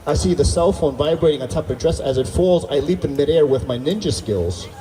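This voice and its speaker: Heard from a distance through an echoey outdoor PA, a higher-voiced male comedian does stand-up at a summer concert stage. He talks a little fast, animatedly storytelling and playing out dialogue with the audience.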